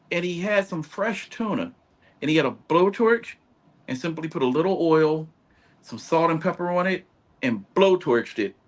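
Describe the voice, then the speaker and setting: Chatty man with a lively voice. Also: fairly high pitch. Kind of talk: casual podcast chat.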